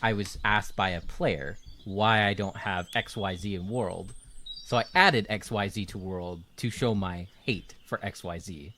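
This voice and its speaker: A man narrating a tabletop game as game master, relaxed and joking. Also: on the low side, a little slow, a little hiss or hum.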